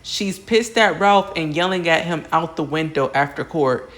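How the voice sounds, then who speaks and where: A woman's voice: low voice, normal speed, few pauses, fairly bright tone. Chatty woman gossiping through a TV recap. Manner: chatty and gossipy, with fillers and asides to viewers. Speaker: reality TV recap host. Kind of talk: casual recap vlog.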